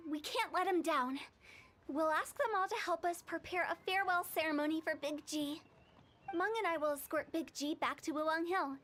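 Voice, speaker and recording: A cocky young undertaker; very high, teasing. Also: female voice, fairly bright tone, slight background noise. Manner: teasing and self-assured. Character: cheeky young female funeral director, playful and bossy. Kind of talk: video game dialogue. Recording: game audio with faint music.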